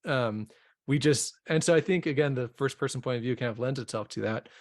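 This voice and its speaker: A man's voice: medium pitch, fairly quick, dry recording, studio quality. Chatty man co-host, casual. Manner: chatty, heavy use of "like". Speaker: podcast co-host. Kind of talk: casual podcast interview.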